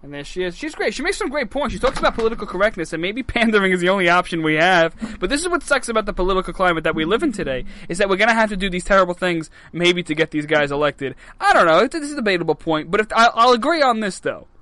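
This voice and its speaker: Fast, bright-voiced male talk host. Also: high-pitched. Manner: energetic, punchy host patter. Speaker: show host. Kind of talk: talk radio hosting.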